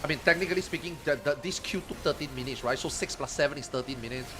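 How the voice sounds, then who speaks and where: A man streaming an online game in casual chat, excitable, swearing freely and repeating himself. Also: fairly high pitch, fast talker.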